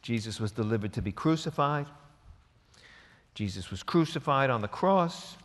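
A man preaching a sermon in a relaxed, conversational way, acting out quoted lines with sarcastic voices. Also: mid-range voice, normal speed, big-room sound. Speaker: pastor.

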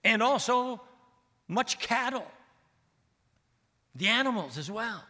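A man voicing God as a patient, loving father rebuking a prophet, declaiming slowly and emphatically. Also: very high-pitched, expressive, bright, forceful tone, big-room sound, pitched above the performer's own voice, full character voice.

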